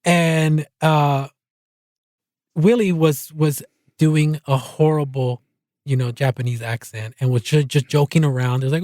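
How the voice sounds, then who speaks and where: Halting, earnest male co-host, dry sound. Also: on the high side, steady tone, a little mellow, no room sound. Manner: halting, many restarts, earnest. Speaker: podcast co-host. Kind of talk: casual podcast chat.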